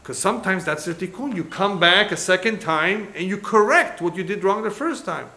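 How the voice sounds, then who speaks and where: A rabbi with a bright, high male voice gives a lecture full of storytelling, animatedly acting out the dialogue he quotes. He speaks at a normal speed in an echoey room with faint background noise.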